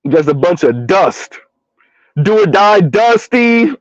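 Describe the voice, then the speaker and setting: A middle-aged man riffs in a loose comic rant, laughing between lines. His voice sits high and lifts into a sing-song on every repeated punchline. The recording is dry and a little dull, like a lo-fi home setup. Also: lively intonation, slow pace, no room sound. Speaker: commentary vlogger. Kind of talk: casual comedic rant.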